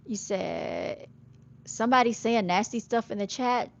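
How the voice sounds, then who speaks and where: A woman's voice: on the high side, a little slow, gravelly, dry recording, highs cut off. A woman with a Southern accent, chatting casually on a livestream and reading viewer comments, calling them y'all. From Jamaica. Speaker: livestream host.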